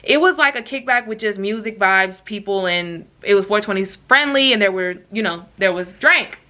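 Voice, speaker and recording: A young woman telling a storytime vlog in casual, slangy chat, with quick asides to her viewers. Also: mid-range voice, sharp tone. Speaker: vlogger.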